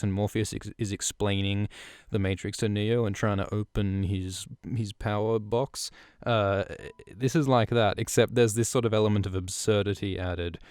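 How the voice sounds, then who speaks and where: A man's voice: on the low side, a little mellow, clean tone, no room sound, clean studio sound. A man hosting a podcast who recaps a fantasy book chapter in a casual, irreverent style, swearing and joking enthusiastically. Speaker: podcast host.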